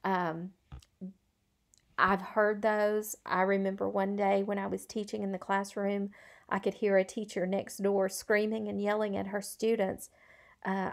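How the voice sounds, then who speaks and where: A woman's voice: mid-range voice, little pitch movement, a little slow, creaky. A middle-aged woman and former schoolteacher giving a recorded video lecture in an earnest, conversational way, with frequent ums and uhs. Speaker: college instructor, former schoolteacher.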